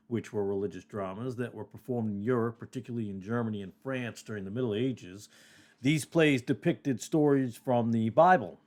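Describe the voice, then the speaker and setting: A man's voice: mid-range voice, darkish tone. Man reading Bible teaching notes. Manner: asides to the listener. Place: home podcast area.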